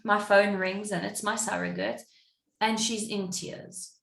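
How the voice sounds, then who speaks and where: A woman's voice: medium pitch, a little slow, gravelly, reverberant. A woman guest on a podcast, telling a personal story in casual chat and acting out what other people said. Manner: animated, acts out what others said. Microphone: podcast microphone.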